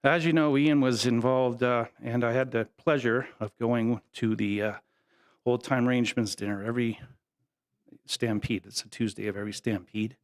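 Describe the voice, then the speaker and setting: A middle-aged man giving a memorial speech, telling folksy, humorous stories in a casual, halting way. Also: mid-range voice, steady tone. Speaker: family member giving a eulogy.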